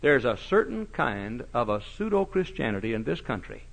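A man preaching a sermon, folksy and mocking, swinging from shouts to hushed asides. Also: mid-range voice, sing-song, normal speed, gravelly. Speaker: pastor.

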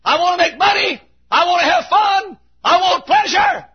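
A man voicing a bitter, self-pitying believer who complains in a high, shouting voice. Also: fairly quick. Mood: whiny. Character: whiny bitter self-pitying Christian, adult. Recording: muffled lo-fi recording.

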